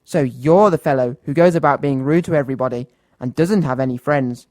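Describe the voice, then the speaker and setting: A man's voice: medium pitch, fairly quick, a little mellow, no room sound, close to an everyday voice. A man reading a stern goblin king.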